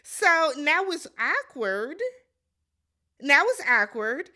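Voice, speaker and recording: A woman's voice: high-pitched, very animated, slow pace, pushed and bright. A woman giving a blunt, exasperated casual recap commentary, talking straight to the viewer. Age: adult. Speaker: recap vlogger.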